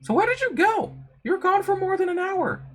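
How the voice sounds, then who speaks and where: Woman doing an excitable young tiger-woman. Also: very high-pitched, a little fast, pitched above the performer's own voice. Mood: affectionate. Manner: excitable, bright.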